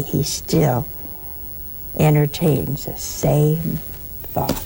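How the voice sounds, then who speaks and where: Gravelly-voiced woman giving a folksy talk. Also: medium pitch, lively intonation, measured pace, long pauses, a little hiss or hum. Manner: folksy storytelling with humor and dropping into hushed asides. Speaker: religious speaker. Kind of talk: conversational broadcast talk to listeners.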